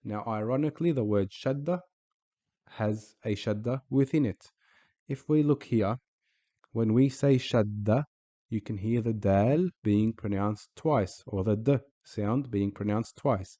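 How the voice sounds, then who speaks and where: A man teaching a lesson in a patient way, saying example words slowly and repeating them. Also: on the low side, mellow, dry recording, muffled recording. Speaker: Arabic teacher. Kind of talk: recorded teaching voice-over.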